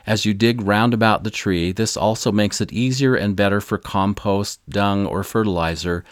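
A man giving a measured, earnest devotional talk with scripted storytelling. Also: on the low side, steady tone, no echo, clean studio sound. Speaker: religious speaker.

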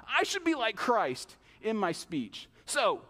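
Male pastor, sermon delivery, high lively voice, church reverb. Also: slow. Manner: animated preaching, mimics excuses in asides. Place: church sanctuary. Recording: long hall reverb.

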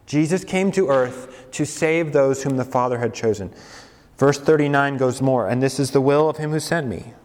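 A male preacher giving a sermon with a lot of energy, now and then lifting his voice high to act out the complaints of doubters. His voice has a middle pitch. It rings out with the long reverb of a large hall. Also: moderate pace. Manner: animated, mimics objectors in raised voice. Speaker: campus preacher.

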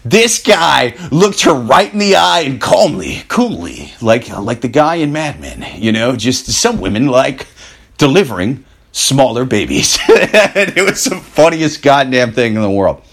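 A man's voice: medium pitch, big pitch swings, a little slow, creaky, hardly any pauses. Profane, rambling male podcast co-host. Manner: loose, profane storytelling with many restarts. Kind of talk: casual chat.

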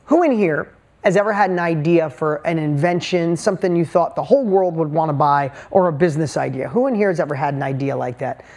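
A woman's voice: deep voice, brisk, a little mellow. Emphatic woman giving a motivational speech. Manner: emphatic, punchy and repetitive, with rhetorical questions to the crowd. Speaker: motivational speaker. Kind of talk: motivational speech to a live audience.

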